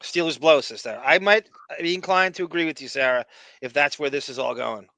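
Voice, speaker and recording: A male podcast host, chatting casually and rambling through stories, breaking into loud laughs. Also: fairly high pitch, fairly quick, no room sound, poor audio. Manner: rambling, laughs loudly, animated storytelling. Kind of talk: casual chat.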